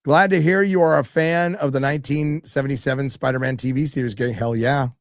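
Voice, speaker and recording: A man's voice: a little high, fairly even intonation, fast talker, no room sound. A middle-aged man hosting a live stream, chatting casually, swearing freely and reading viewer donation messages aloud. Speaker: livestream host reading donations.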